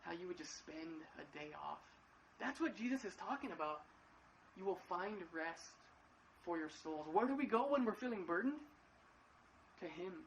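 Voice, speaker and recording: A male pastor giving a casual sermon from his living room at home, talking in a halting way and often repeating words. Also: sits high, expressive, vocal fry, slight background noise, rough recording. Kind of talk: casual live-streamed sermon.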